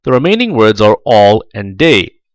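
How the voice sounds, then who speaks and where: A man narrates a step-by-step instructional tutorial, his delivery lively and full of pitch movement. He speaks slowly and deliberately, enunciating every word clearly. The recording is close and dry, with no room sound. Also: no echo, poor audio. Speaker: tutorial narrator for job applicants. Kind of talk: scripted instructional voice-over.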